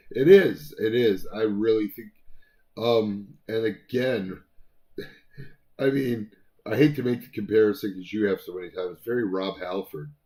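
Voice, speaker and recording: A man's voice: lowish voice, a little slow, dark tone. A man co-hosting a casual album review chat, talking in a rambling way with many fillers and restarts.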